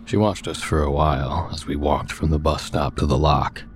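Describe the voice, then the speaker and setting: Very deep-voiced male storyteller. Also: music in the background. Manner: measured, steady storytelling. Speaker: narrator. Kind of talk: scripted story narration.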